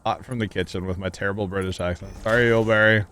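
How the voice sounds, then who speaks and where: A man chatting casually while livestreaming a video game, rambling and joking as he thinks out loud. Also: lowish voice, steady tone, quick pace, clear, resonant tone. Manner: rambling, jokey, thinking aloud. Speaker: game streamer. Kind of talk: casual gameplay livestream chat.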